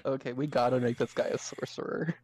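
A man in casual chat, brainstorming game characters in a relaxed, amused way. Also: medium pitch, quick pace.

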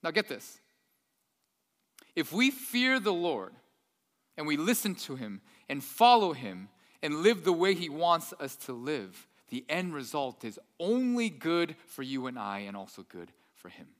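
A man preaching a sermon as pastor, swinging between loud, emphatic peaks and quiet, hushed stretches. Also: on the high side, big pitch swings, a little slow. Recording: echoey hall.

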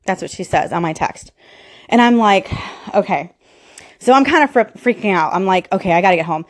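A woman's voice: mid-range voice, brisk. A woman in her thirties telling a personal story with strong emotion. She quotes herself and others as she goes, and her voice climbs toward a near scream when the story peaks.

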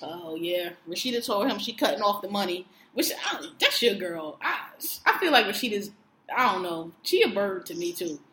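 A woman's voice: medium pitch, big pitch swings, moderate pace, sharp tone, roomy sound, a little hiss or hum. A woman co-hosting a podcast, chatting casually and profanely about a reality show, acting out quotes with laughter. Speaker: podcast co-host.

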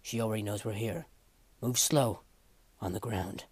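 A man reading aloud voices a terse, commanding male tracker from the far north in a low, gruff whisper. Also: steady tone, normal speed, dry recording. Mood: tense whisper.

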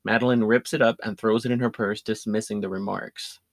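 A man's voice: lowish voice, steady tone, a little fast, vocal fry, no room sound. Chatty man recapping a film. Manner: enthusiastic, laughs often, restarts sentences. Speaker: podcast co-host. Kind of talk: casual film recap chat.

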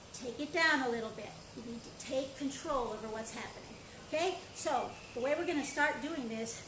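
Brief: high-pitched, upbeat woman leading an online movement class, echoey room, faint background noise. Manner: upbeat, playful, coaching with counts and shouts. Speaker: karate and movement instructor. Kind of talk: live online exercise class.

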